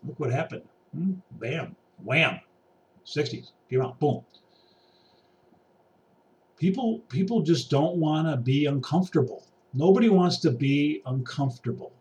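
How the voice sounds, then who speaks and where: A man's voice: fairly high pitch, animated, measured pace, darkish tone. Exasperated man ranting from across a room. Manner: exasperated, preachy, swinging from mutters to raised outbursts; paces about while talking. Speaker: vlogger. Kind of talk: ranting monologue to camera. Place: indoor room. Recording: voice distant from the mic.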